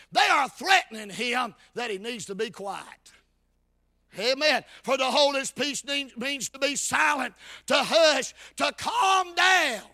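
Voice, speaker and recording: A man preaching a shouted revival sermon with a chanted cadence, folksy rural speech and frequent calls of "Amen". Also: very high-pitched.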